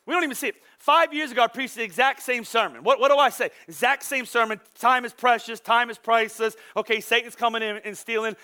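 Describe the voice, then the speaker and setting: A man preaching a sermon as pastor, animated and conversational, with playful asides to the congregation. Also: extremely high pitch, fast talker, few pauses.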